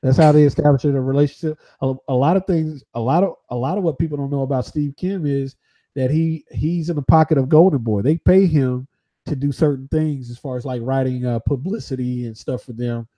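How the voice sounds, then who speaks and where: A man giving his views as a boxing pundit in a casual livestream debate, halting and often restarting. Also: medium pitch, warm tone, muffled recording.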